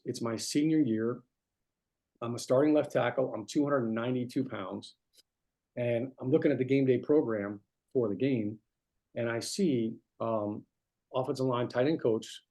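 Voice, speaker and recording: A man's voice: mid-range voice, gravelly, mellow. A middle-aged man from New Jersey, a guest speaker telling stories in a conversational way, full of fillers and restarts. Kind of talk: anecdotal storytelling talk.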